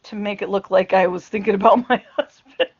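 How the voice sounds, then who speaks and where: A woman's voice: mid-range voice, steady tone, brisk, slightly rough, muffled recording. A middle-aged woman talking to camera in a rambling, casual way, often breaking into laughter and trailing off into asides. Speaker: vlogger. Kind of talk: casual chat.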